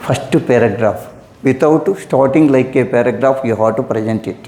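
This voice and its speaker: A man's voice: medium pitch, moderate pace, dark tone, reverberant, a little hiss or hum. A man teaching an English exam lesson who repeats his instructions and calls his students "my dear".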